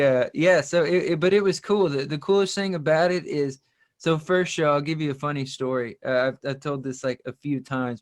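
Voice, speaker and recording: A man with a mid-pitched voice tells a long, rambling story as a country musician guest. He pokes fun at himself and laughs easily between thoughts. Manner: rambling, self-deprecating, laughs often. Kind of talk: casual interview storytelling.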